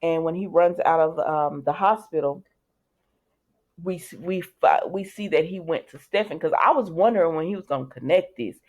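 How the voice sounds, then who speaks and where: A woman's voice: low-pitched, normal speed, darkish tone, highs cut off. Woman vlogger, casual rambling recap, full of asides and restarts. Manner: rambling, many fillers and restarts, chatty asides. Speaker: soap opera recap vlogger.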